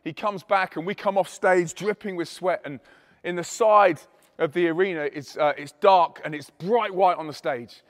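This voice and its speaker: A man's voice: high-pitched, normal speed, big-room sound. A Christian youth speaker, a man, telling an emphatic testimony story to an audience and acting out the dialogue. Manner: animated, emphatic, acts out quoted dialogue.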